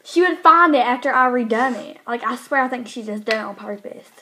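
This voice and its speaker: A woman's voice: a little high, brisk, pushed and bright. A teenage girl chatting casually as a vlogger, rambling and hesitant with many restarts. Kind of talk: casual chat.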